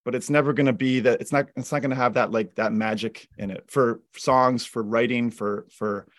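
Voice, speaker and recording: A man's voice: mid-range voice, steady tone, normal speed, no room sound, studio quality. A man, a guest drummer, talking casually and rambling with lots of fillers and restarts. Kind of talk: casual chat.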